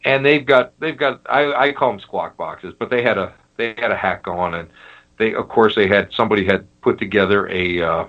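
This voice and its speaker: A man, a guest on a paranormal talk show, telling his stories in an animated, emphatic casual chat. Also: lowish voice, moderate pace, highs cut off.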